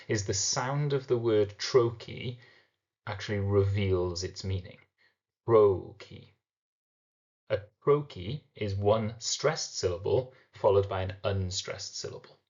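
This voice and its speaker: Low-voiced male English teacher. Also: muffled recording. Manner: explains step by step, slows down to sound out syllables. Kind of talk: recorded lesson.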